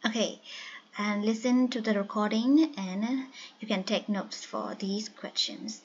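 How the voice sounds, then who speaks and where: A woman teaching an English listening lesson, speaking slowly and carefully and repeating key words. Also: mid-range voice, slightly rough. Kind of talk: slow classroom explanation. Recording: dull lo-fi sound with faint hiss.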